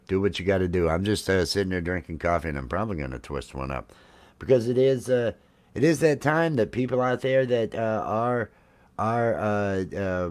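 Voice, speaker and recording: Man in his fifties, very deep voice, rambling, folksy, casual live-stream chat. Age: 50s. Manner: rambling, lots of fillers and restarts, folksy. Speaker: livestream host. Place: home, drinking coffee while streaming.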